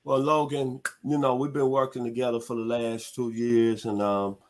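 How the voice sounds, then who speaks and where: A man's voice: mid-range voice, little pitch movement. Laid-back older Southern man talking football. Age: 60s. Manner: laid-back, folksy, drawn-out emphasis. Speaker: sports radio host. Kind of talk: casual sports talk.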